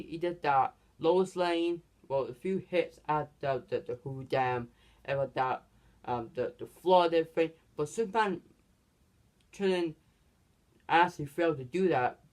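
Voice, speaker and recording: A man casually retelling a movie's plot in a rambling way, with frequent restarts and filler words. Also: fairly high pitch. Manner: rambling, lots of restarts and "basically". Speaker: movie reviewer.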